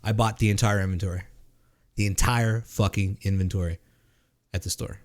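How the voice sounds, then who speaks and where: A man's voice: fairly low pitch, steady tone. A man co-hosting a casual drinking podcast, rambling and swearing, with lots of fillers and restarts. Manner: rambling, profane, halting with fillers. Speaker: podcast co-host. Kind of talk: casual drinking-show chat.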